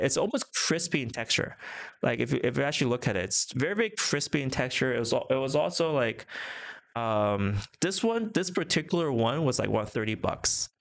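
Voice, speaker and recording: Casual crypto stream host, male, rambling, fillers, gravelly tone, office. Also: mid-range voice. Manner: rambling, many fillers and restarts. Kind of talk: casual live stream chat.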